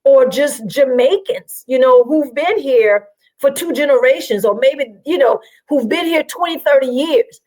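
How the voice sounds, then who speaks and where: A high-voiced woman from South Carolina appears as a guest on an interview show, telling her story at a measured pace. Her manner is animated and chatty with frequent fillers, captured on a low-quality recording.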